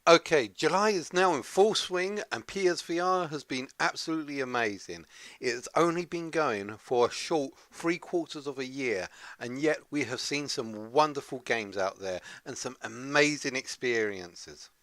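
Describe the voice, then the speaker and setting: A man's voice: medium pitch, animated, normal speed, fairly bright tone, no room sound. A man hosting a top ten countdown of games, talking in an earnest, rambling way. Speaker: gaming channel host.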